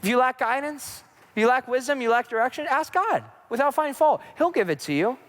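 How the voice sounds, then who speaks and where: Man, young adult, podcast teaching, high voice, very animated pitch, storytelling delivery. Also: brisk. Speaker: podcast co-host giving a teaching. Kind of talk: preaching-style faith talk with personal story.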